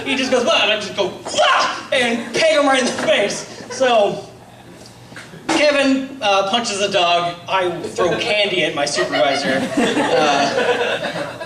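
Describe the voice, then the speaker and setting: A man's voice: high-pitched, takes it slowly, very noisy. A man in his twenties doing a stand-up comedy set, hesitant and self-deprecating with many ums. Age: 20s. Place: comedy club stage. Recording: roomy club sound, mic heard from a distance, loud crowd laughter. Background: audience laughing.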